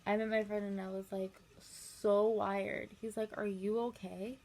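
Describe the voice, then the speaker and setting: Gravelly-voiced young woman rambling. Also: mid-range voice, flat delivery, background noise. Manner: rambling, filler-heavy, quick asides. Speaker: makeup vlogger. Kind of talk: casual chatty storytelling while doing makeup.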